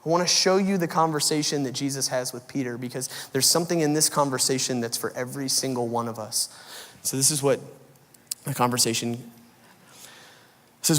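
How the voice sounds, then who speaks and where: A man preaching a sermon as pastor, telling a story with animated swings between loud bursts and quiet, low lines. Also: brisk, long reverb tail. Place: large church auditorium.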